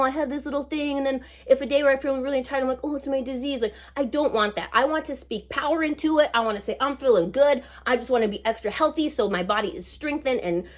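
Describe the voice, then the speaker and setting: A woman in her forties chatting through a life update while putting on her makeup, bubbly and rambling with lots of asides. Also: medium pitch. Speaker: beauty vlogger.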